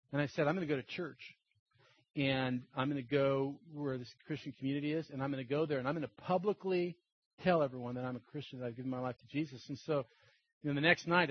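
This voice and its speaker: An older man gives a personal testimony, acting out the people in his story with animated shifts. His voice sits high and husky. The recording is dull and dry, with no room sound. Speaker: testimony speaker.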